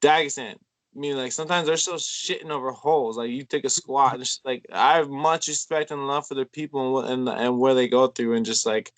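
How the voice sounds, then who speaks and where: A man's voice: mid-range voice, steady tone, fairly quick. A young man, a podcast guest, telling a long story in casual chat, rambling and swearing with lots of fillers and restarts. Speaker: podcast guest, MMA fighter.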